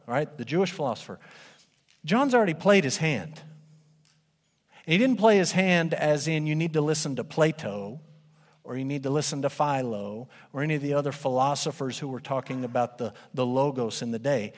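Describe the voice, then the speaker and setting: A man preaching a sermon as pastor, animated and conversational, speaking to a congregation in a church. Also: a little high, brisk. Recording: long hall reverb.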